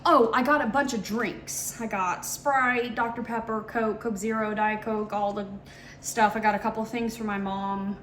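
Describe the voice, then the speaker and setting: A woman's voice: medium pitch, steady tone, normal speed. A young woman from Georgia in the US who has no Southern accent, chatting casually and rambling as she vlogs her day, often correcting herself. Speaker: vlogger. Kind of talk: casual vlog chat. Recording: loud traffic and road noise behind.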